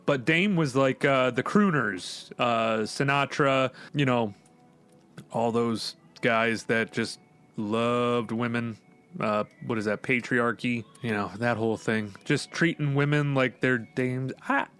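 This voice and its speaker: A man's voice: mid-range voice, slow, a bit bright, clear, resonant tone. A man co-hosting a podcast, talking in a casual, profane, rambling way and laughing often. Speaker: podcast co-host. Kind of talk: casual chat.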